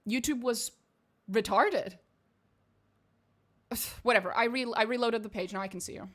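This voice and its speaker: While streaming a game, a young Portuguese woman gives blunt, laughing, profane commentary. She speaks at a moderate pace in a fairly high, fairly bright voice, her shifting accent mostly posh British or American with a slight Portuguese edge.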